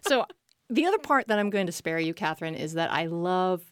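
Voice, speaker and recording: A woman's voice: fairly low pitch, very animated, brisk, clean tone, dry recording. A woman hosting a podcast in a studio, telling jokes playfully and chatting with her guest. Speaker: podcast host. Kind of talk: casual interview chat.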